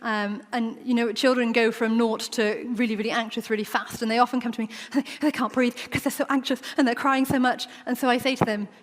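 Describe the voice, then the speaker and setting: A woman's voice: a little high, fairly even intonation, fairly quick, hardly any pauses. A woman preaching a sermon in a church, talking in a conversational way and acting out the quoted voices. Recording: long church reverb.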